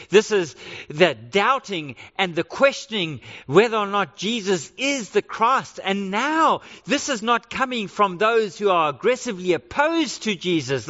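A middle-aged male pastor preaching a sermon, emphatic and slowing down to stress key phrases. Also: high voice, sharp tone. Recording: reverberant hall, dull lo-fi sound.

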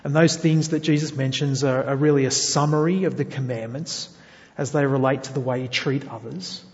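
A man's voice: medium pitch, moderate pace, a little mellow. Earnest preacher man in a reverberant hall. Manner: earnest, uses rhetorical questions. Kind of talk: sermon. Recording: dull lo-fi sound with long hall reverb.

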